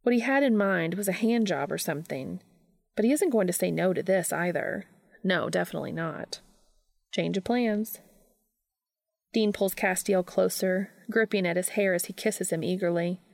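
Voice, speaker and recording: Woman narrator, calm story reading, lowish voice, gravelly, dry close sound. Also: moderate pace, no echo. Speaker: reader. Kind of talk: reading fan fiction aloud.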